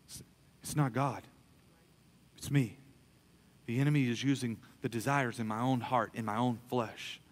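A man preaching a sermon as a pastor, emphatic, swinging between soft, quiet stretches and loud, pressing lines. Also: mid-range voice, fairly even intonation, moderate pace, long pauses. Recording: long hall reverb.

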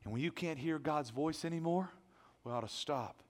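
A man preaches with real animation, his fairly high voice rising into loud emphasis and then sinking to hushed, intimate asides. He sounds like a pastor addressing a congregation. His voice trails off into the long reverb of a large hall. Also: moderate pace. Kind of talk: sermon.

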